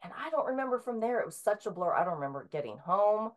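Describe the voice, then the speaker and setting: A woman's voice: medium pitch, very animated, fast. A middle-aged woman author speaking as an interview guest, talking casually with many filler sounds and restarts.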